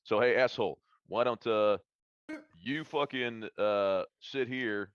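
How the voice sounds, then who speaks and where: A man's voice: fairly low pitch, slow, smooth, no room sound. Man playing a cursing military tough guy, bossy, dull dry audio. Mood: menacing. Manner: swears constantly, barks orders. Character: gruff foul-mouthed male ex-military tough guy.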